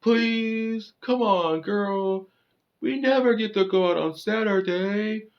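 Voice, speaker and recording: A man's voice: sits high, slow, muffled recording, pitched above the performer's own voice. A man mimicking a whiny, needy young man who pleads and begs. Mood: whining. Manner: whining, pleading.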